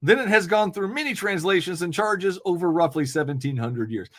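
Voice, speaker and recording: A man's voice: sits high, animated, fairly quick, a bit bright. A man hosting a live call-in debate podcast, blunt, mocking and profane, laughing often. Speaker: host.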